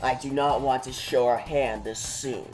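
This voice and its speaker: A woman voicing a hulking masked male villain who gives slow, clipped orders. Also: extremely low pitch, steady tone, darkish tone, faint music behind, pitched below the performer's own voice, low-quality recording. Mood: commanding.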